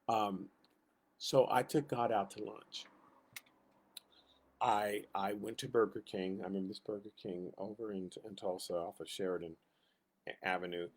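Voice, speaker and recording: A man's voice: lowish voice, steady tone, measured pace, creaky, long pauses, husky. A middle-aged man teaching a casual Sunday school Bible lesson, telling personal stories and acting out the voices he quotes.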